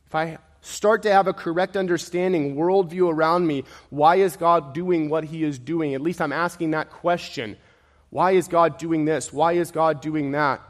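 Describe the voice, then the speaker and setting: A man's voice: a little high, fairly even intonation, normal speed, big-room sound. A man preaching a sermon, emphatic and repetitive, his intensity rising and falling.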